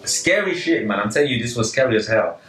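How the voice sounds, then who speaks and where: A man's voice: mid-range voice, fast. A young man, casually telling a story on a podcast, piling on filler words and checking in with "right?". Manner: animated, filler-heavy, full of "like" and "right?". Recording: echoey room, slightly distant, faint music.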